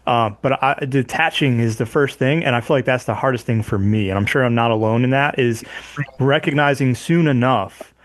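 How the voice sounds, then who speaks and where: A man's voice: mid-range voice, normal speed. A man co-hosting a podcast, speaking thoughtfully with many restarts as he works toward a question for his guest. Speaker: podcast co-host. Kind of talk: podcast interview.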